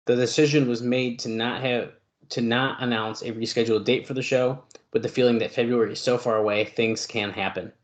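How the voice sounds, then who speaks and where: A man's voice: mid-range voice, fairly even intonation, a little fast, highs cut off. A man co-hosting a podcast, reading news aloud with fillers and side comments. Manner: reads long news passages with filler and asides. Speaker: podcast co-host.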